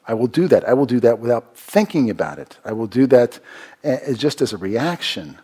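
A man delivers a sermon at an ordinary middle pitch. He drives his points home by repeating short phrases. His voice rises loud and high for emphasis, then drops low and quiet for reflective asides. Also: very animated, moderate pace, husky. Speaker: pastor.

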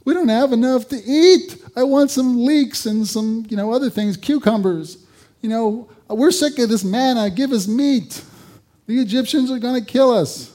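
A male preacher voicing a whiny grumbling Israelite complaining in the wilderness, with a high nagging whine. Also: normal speed, warm tone. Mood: whining.

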